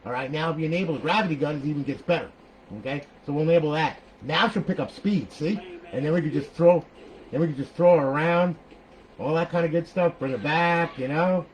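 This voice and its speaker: A man's voice: a little high, a little fast, rough recording. An older man casually walking through a modded game console setup, rambling and chatty, tagging lines with "okay?" and "all right" and swearing now and then. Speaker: console modder showing a build. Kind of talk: casual tutorial walkthrough.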